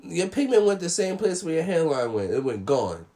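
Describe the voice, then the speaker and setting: A young man co-hosting a casual chat, telling a story with laughter and loud acted-out quotes. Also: on the high side, normal speed. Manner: animated, laughing, acts out quotes loudly.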